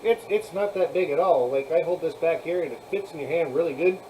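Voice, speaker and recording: A man's voice: fairly high pitch, brisk, warm tone, slight background noise, poor audio. A man hosting a casual live chat, rambling, laughing often and thanking viewers as he talks. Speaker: live stream host.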